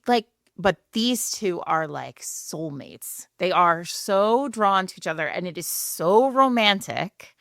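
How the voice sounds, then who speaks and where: A woman co-hosting a book podcast, excitedly retelling a romance novel in casual chat with lots of filler words. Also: mid-range voice, no room sound, clean studio sound. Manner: animated storytelling, many filler likes. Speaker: podcast co-host.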